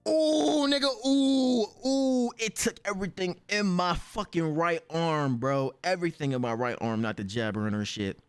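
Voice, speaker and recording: A young man streamer, telling a story casually, swearing freely and jumping his pitch high when he acts out quotes. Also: moderate pace, few pauses, smooth, faint music behind.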